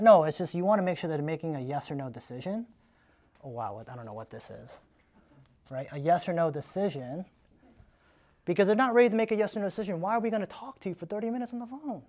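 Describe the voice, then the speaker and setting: A man coaching a room through a sales framework in a live training. His voice sits fairly high for a man, and he talks loosely and with energy, checking in with a quick "right?" after his points. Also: a little mellow.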